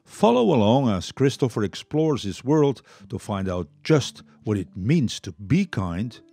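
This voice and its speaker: An older man whose first language is Dutch, reading a children's story aloud to listeners in an expressive way. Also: medium pitch, a little slow, vocal fry, faint music behind. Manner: lively, expressive, warm read-aloud.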